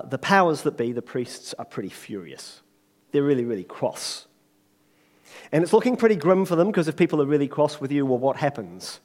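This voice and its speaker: A man preaching a sermon in a lively, conversational way, joking and acting out quotes. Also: mid-range voice.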